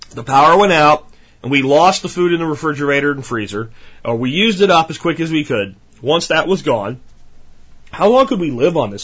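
Passionate, husky-voiced male podcast host. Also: fairly high pitch, fairly bright tone, dull audio. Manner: passionate, ranting, emphatic. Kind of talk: monologue podcast.

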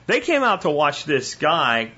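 A man's voice: a little high, wildly swooping pitch, measured pace, sharp tone, breathy edge. A man hosting his own podcast, talking casually in a rambling storytelling way, with restarts and some swearing. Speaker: podcast host. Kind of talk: casual solo monologue. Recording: slightly muffled, lo-fi podcast audio.

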